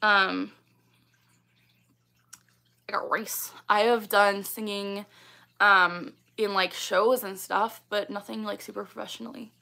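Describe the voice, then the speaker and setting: A woman's voice: mid-range voice, flat delivery, measured pace, gravelly, sharp tone. A young woman hosting a casual livestream, reading viewer comments and chatting with lots of ums and likes. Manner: chatty, many ums and likes, laughs often. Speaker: livestream host.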